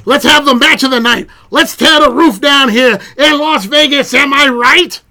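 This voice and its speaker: A man putting on an Irish accent to voice a cocky, cheerful woman wrestler in a loud, showy, drawn-out way. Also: very high-pitched, pitched above the performer's own voice, heavily acted. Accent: put-on Irish.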